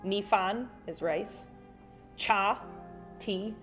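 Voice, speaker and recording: A woman chats her way through a live drawing stream, reading viewers' comments and rambling from one thought to the next. Her voice sits in a middle pitch. Soft music plays faintly behind her. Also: expressive, unhurried. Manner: chatty and rambling, with frequent restarts and sudden soft hums. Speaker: artist livestream host. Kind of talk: casual livestream chat, reading viewer comments while drawing.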